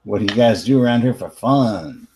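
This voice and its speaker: A man's voice: on the low side, animated, moderate pace, warm tone. A young man with a New York accent playing his character in a tabletop game, brash and swearing. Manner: brash, swearing, streetwise talk. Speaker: player. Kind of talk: in-character tabletop role-play.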